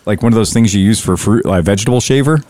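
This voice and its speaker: A man telling a story in casual podcast chat, swearing freely and animated. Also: on the low side, fast, no room sound.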